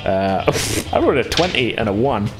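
A man's voice: fairly low pitch, sing-song, moderate pace, loud music behind the voice. A man running a tabletop game podcast as game master, talking casually with frequent chuckles and fillers.

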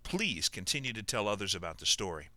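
A man, the author, reading his own historical novel aloud in a measured, plain way on a close mic. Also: fairly low pitch, very animated, bright, forceful tone, dry recording. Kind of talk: audiobook narration.

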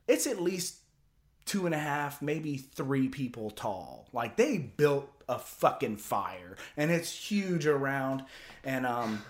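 A man's voice: medium pitch, sing-song, takes it slowly. A man casually telling a long story as a podcast host, rambling and profane, with lots of filler words.

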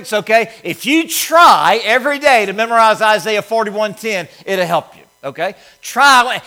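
A man's voice: sits high, pushed and bright. A male pastor preaching a sermon to his congregation, repeating lines with emphasis. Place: church sanctuary.

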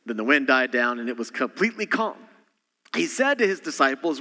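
Bright-voiced man preaching in a reverberant hall. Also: mid-range voice, big pitch swings, fairly quick. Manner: dynamic preaching, swings between loud emphasis and quiet asides. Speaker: senior pastor. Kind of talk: sermon.

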